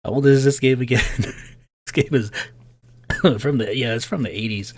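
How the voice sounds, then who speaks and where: A man's voice: mid-range voice, normal speed, long pauses, breathy edge. A man giving casual game commentary, chatty and thinking aloud, laughing often. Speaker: let's play host.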